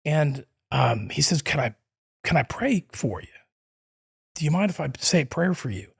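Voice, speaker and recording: On the high side for a man, his voice is husky with vocal fry, lively in intonation, and moderately paced. This middle-aged podcast guest spins a lengthy personal tale in an interview, full of restarts and filler words.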